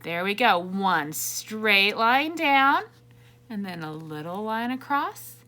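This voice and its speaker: A woman teacher reading a picture book to young children and teaching letters, gentle and encouraging, asking them questions. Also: mid-range voice, big pitch swings, slow.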